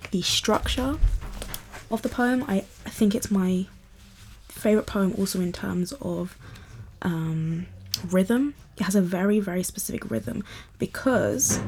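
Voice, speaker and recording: A woman talks casually and eagerly about poems she loves, drifting off on tangents as she goes. Her pitch sits in an ordinary middle range for a woman, and her speech is chatty and unscripted. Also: measured pace, a little mellow, a little hiss or hum. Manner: enthusiastic and rambling. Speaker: vlogger. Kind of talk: casual chat about poetry.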